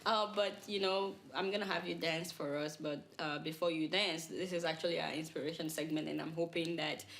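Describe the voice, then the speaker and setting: A woman hosting a talk show interview, teasing her guest in a quick-witted way. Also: sits low, fairly even intonation, fairly bright tone. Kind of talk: casual interview chat.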